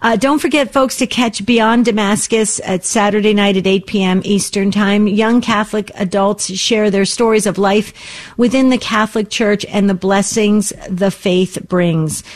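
A woman hosting a talk radio show, speaking in an encouraging, upbeat way and often talking quickly. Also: mid-range voice, steady tone.

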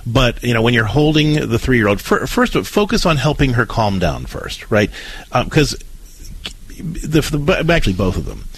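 A man's voice: mid-range voice, sing-song, moderate pace, slightly rough, no echo. A man hosting a call-in radio show, giving parenting advice in a conversational way that often repeats words at the start of sentences.

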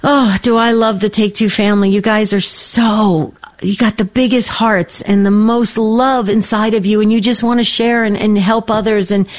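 A woman hosting a faith-based call-in radio show, affirming callers with soft murmurs of agreement. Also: medium pitch, fairly even intonation, normal speed, few pauses. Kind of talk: warm call-in radio chat.

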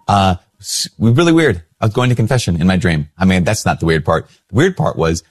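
A male priest hosting a video, telling a story in a conversational, self-questioning way and jumping higher when he quotes others. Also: big pitch swings, brisk. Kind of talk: reflective storytelling talk to camera.

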